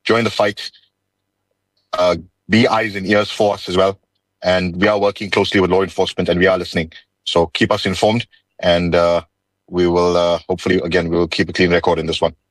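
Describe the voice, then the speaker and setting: A man speaking on a panel, giving a steady, reassuring appeal that occasionally rushes ahead. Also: deep voice, no echo, poor audio. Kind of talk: panel discussion.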